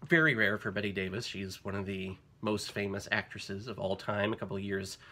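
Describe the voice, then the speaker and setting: A man hosting a casual movie review, rambling and self-deprecating, quick to laugh. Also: on the low side, fairly even intonation, pushed and bright. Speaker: movie review channel host.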